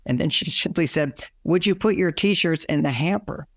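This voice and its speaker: A man's voice: on the high side, moderate pace, fairly bright tone, dry recording, studio quality. A man giving relationship advice as a guest, telling personal stories, chuckling and acting out quoted dialogue. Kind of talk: anecdotal advice talk.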